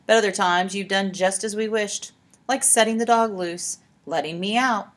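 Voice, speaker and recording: A woman reading aloud and voicing a cold, sly ghost of a young woman who speaks softly and menacingly, with a husky voice. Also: moderate pace, close to an everyday voice. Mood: coolly menacing. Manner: cool, then soft and low.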